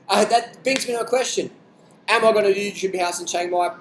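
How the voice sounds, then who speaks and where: A man's voice: high voice, animated, fast, a bit bright, reverberant, slight background noise. A man hosting a live stream, answering viewer questions in a blunt, rambling, profane way. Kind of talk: casual unscripted live stream chat.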